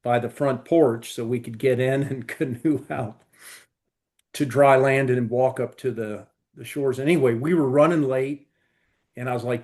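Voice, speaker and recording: A man's voice: mid-range voice, steady tone, a little slow, darkish tone. A man with a mid-range voice chats casually on a podcast. He tells long, rambling stories filled with fillers. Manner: rambling storyteller, many fillers. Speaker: podcast co-host. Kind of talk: casual chat.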